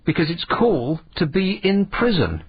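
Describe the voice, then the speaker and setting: A man's voice: high voice, very animated, a little slow, background noise. A sardonic man hosting a late-night radio phone-in, scoffing at what he reads out. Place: radio studio. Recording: dull lo-fi radio broadcast.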